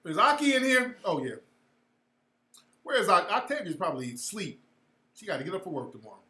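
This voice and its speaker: A man's voice: high-pitched, big pitch swings, a little fast, bright, forceful tone, roomy sound. A man hosting a livestream, ranting casually in blunt, profane street talk to his viewers. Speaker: livestream host.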